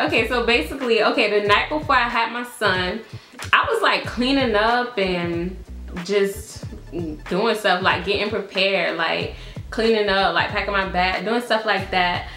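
Young woman, casual storytime, bright voice, roomy echo, faint music behind. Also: medium pitch, a little slow. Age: early 20s. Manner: chatty, laughing, fillers like "like" and "y'all". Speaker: vlogger.

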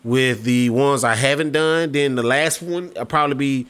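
This gaming YouTuber's voice is medium in pitch, fairly bright, and smooth, moving at a moderate pace. He casually rambles through his gameplay, speaking to viewers directly with frequent fillers and restarts.

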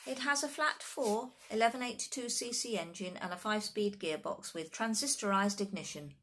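A woman's voice: mid-range voice, moderate pace, fairly bright tone, voice pushed up, natural voice. A woman voicing a precocious, pompous little boy of nearly five who speaks formally and precisely.

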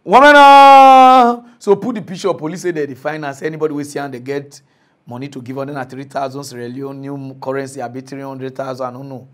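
A man hosting a comic mock news show in Nigerian Pidgin, chatty and pleading, breaking into animated shouting. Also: mid-range voice, fast talker.

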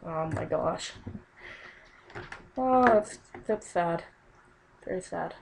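Slow-talking young woman gaming. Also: on the low side, expressive, vocal fry, background noise. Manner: exclaims often, mutters under breath. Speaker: gameplay commentator. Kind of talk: casual gameplay commentary.

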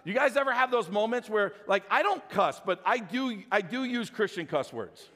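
In a church sanctuary, a middle-aged pastor tells a joking personal story during his sermon, animated and addressing the congregation directly. His voice is high-pitched and moderately paced, followed by a long reverb tail.

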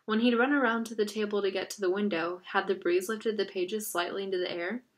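A woman's voice: mid-range voice, fairly even intonation, fairly quick. Woman reading a novel aloud. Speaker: audiobook reader.

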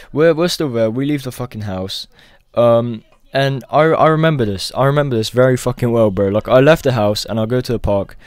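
A man's voice: mid-range voice, a little mellow, no room sound, clean studio sound. A young man telling a rambling, profane storytime as a vlogger, peppering his talk with "bro". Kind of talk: casual storytime.

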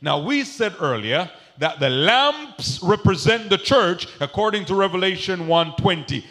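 A man preaching a sermon as pastor to his congregation. He calls out to them for responses, and his delivery swings between soft asides and shouted emphasis. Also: high voice, big pitch swings, a little slow.

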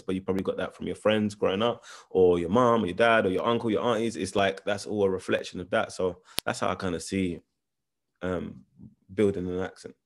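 A man with a London accent talks through his answers in an interview, thinking aloud and circling back with restarts. His voice sits very low. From England. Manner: thoughtful, searching for words with restarts. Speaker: actor, interview guest.

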